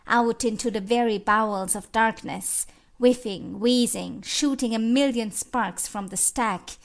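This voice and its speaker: A woman reads an audiobook in a slow, expressive recitation, her voice sitting a little high. A gravelly edge runs under her words, and she lets dramatic lines climb. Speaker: audiobook narrator. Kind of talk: audiobook reading of literary passages.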